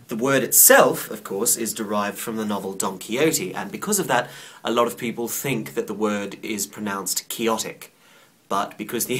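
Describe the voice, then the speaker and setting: A man's voice: lowish voice, a bit bright. A young man rambling casually to camera as a vlogger, chatty and playful with a self-mocking streak.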